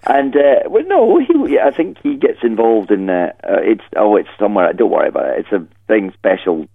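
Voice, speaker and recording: A man's voice: lowish voice, very animated, normal speed, creaky, slightly rough, no room sound. Man on a tinny phone line. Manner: brief, amused, self-deprecating replies. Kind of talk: casual radio chat.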